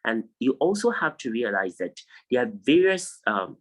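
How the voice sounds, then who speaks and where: A man with a Nigerian English accent tutors English over a video call, teaching a pronunciation lesson and patiently repeating each word so students can drill it. His mid-range voice swings widely in pitch at a moderate pace, with a fairly bright tone on a rough recording.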